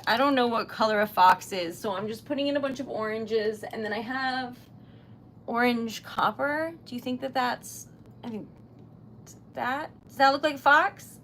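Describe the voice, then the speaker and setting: A woman's voice: a little high, fairly bright tone, a little hiss or hum. A young woman livestreaming while she crafts, chatting casually in an emotional, giggly way with lots of fillers. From Rhode Island, US. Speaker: livestreaming small-business owner. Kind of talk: casual live-stream chat while crafting.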